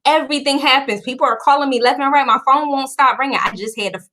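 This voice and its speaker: A woman host chatting casually on a video call, bubbly and animated, laughing often as she tells stories. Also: sits high, fast. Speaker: podcast host.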